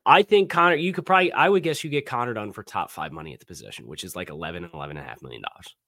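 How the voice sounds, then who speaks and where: Animated man on a sports podcast. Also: fairly low pitch, vocal fry, no room sound, clean studio sound. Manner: lively, quick restarts and self-corrections. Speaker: podcast co-host. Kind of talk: casual sports podcast chat.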